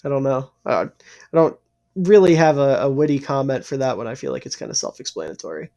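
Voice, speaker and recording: A man's voice: medium pitch, animated, fairly quick, dark tone. A man from the East Coast of the US, hosting a casual podcast over a call. He explains his points at length in an earnest way. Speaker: podcast host. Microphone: remote call.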